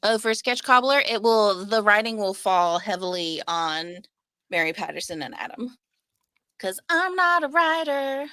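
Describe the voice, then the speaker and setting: A woman co-hosting a casual live chat, telling animated stories and laughing often. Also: mid-range voice, a little slow, clean tone, no room sound. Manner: animated, giggly storyteller. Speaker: show co-host.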